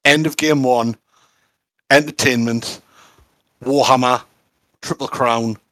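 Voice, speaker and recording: A man's voice: mid-range voice, steady tone, takes it slowly, a bit bright, no echo. A man, co-hosting a podcast in enthusiastic casual chat, with lots of fillers. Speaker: podcast co-host.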